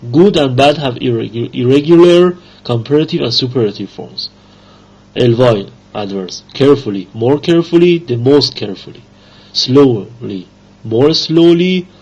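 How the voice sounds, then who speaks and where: A man teaching an English grammar lesson, reading rules and examples aloud slowly with pauses and fillers. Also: mid-range voice, a little mellow, slightly rough. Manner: slow, halting reading with fillers. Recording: dull lo-fi recording.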